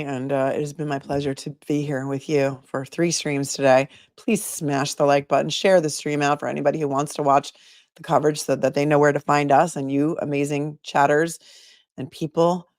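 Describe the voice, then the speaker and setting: A woman's voice: sits low, flat delivery, normal speed, darkish tone, dry recording. A woman hosting a live stream about a trial, chatting casually and thanking her viewers by name. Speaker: live-stream legal commentator.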